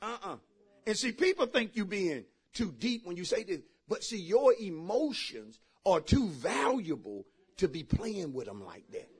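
A pastor preaches a sermon to his church, shouting his points, then dropping into quiet asides and laughing with the congregation. His voice is high-pitched and sing-song, unhurried, with a breathy edge.

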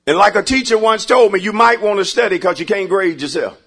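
High-voiced preacher guy, bright and husky, big swings, call-and-response. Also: fairly quick. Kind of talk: sermon. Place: church.

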